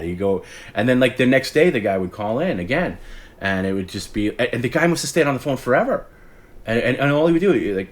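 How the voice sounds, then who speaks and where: Low-voiced man rambling late at night. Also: expressive, brisk. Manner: rambling, self-interrupting storyteller who acts out quoted callers. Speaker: stream host. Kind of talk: late-night casual livestream chat.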